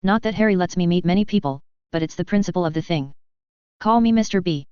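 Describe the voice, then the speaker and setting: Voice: mid-range voice, fast, darkish tone, smooth, dry recording, muffled recording, close to an everyday voice. A storybook narrator voicing a cocky male spirit who possesses a cat, speaking in a put-on TV British accent with a sardonic, grumbling manner.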